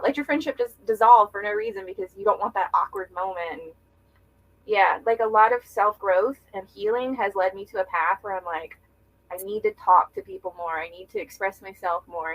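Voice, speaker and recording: A young woman appears as a podcast guest in a candid conversational interview, earnest and reflective, using many filler words. Her voice is medium-pitched and a bit bright, though the recording quality is low.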